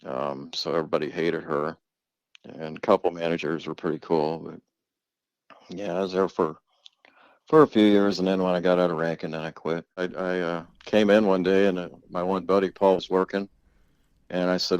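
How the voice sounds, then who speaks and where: Older guy, really deep voice, rambly storytelling, swears a lot, dry sound. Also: fairly even intonation, moderate pace, dry recording, dull audio. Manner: rambling, laughs often, swears freely. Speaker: interviewee, father of the host. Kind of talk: casual storytelling.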